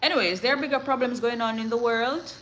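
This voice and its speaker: A woman's voice: fairly high pitch, fast, slight background noise, poor audio. Jamaican woman reading the news. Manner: switches between patois and standard English; animated, laughing asides to viewers. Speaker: news reader and live streamer. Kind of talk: reading news and chatting with viewers.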